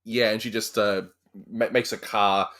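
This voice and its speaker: A man in his thirties, a father, chatting casually as a podcast guest, halting and repeating words with frequent laughs. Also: on the low side, level tone, a bit bright.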